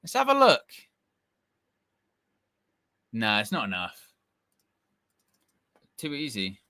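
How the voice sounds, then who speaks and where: A young man doing casual live football watch-along commentary, reacting excitedly and shouting at big moments. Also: mid-range voice, slow pace, dry recording, clean studio sound.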